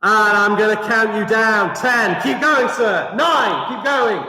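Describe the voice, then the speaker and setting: Male teacher, high register, leads exercises; unhurried, encouraging delivery; distant mic with hall echo. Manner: encouraging, steady instructions and counting. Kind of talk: live-streamed exercise class. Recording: echoey hall from far off.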